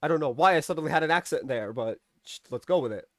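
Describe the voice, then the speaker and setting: A man's voice: on the high side, lively intonation, quick pace, noisy background. A man giving a casual, rambling review of a TV episode. He uses lots of fillers and restarts and acts out the characters' lines as he recaps.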